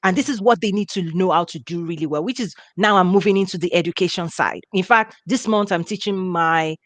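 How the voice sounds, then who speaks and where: A woman hosting a conversational interview, speaking emphatically with lively, drawn-out exclamations. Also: on the low side, no echo. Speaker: interview host.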